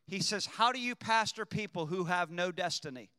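Guy preaching a sermon, bright sharp voice, dry close sound, gets loud and shouty. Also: high-pitched, normal speed, smooth, no room sound, long reverb tail. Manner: preaching with surges to shouting emphasis. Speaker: pastor.

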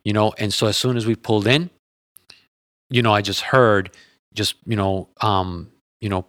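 A man's voice: on the low side, steady tone, moderate pace, long pauses, fairly bright tone. A man telling a personal story in a casual, rambling, earnest way, often repeating and restarting his words. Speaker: guest sharing a personal story.

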